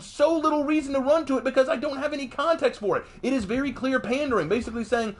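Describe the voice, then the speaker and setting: A young adult man ranting on a live stream in a casual, emphatic way, jumping up in pitch during heated outbursts. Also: fast, few pauses, slight background noise. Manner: animated, emphatic, voice jumps high in outbursts. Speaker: streamer and commentator.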